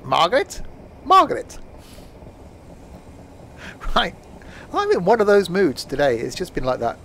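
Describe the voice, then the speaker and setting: A man's voice: sits high, very animated, measured pace, gravelly, slight background noise. A man casually chatting while live-streaming a train game, rambling and joking to himself and his chat at a home desk mic.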